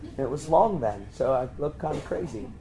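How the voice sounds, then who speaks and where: A man preaching, telling a story and acting out the voices of the people in it with sudden high jumps in pitch. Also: lively intonation, a little fast, crowd noise, low-quality recording. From Pennsylvania. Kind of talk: storytelling sermon.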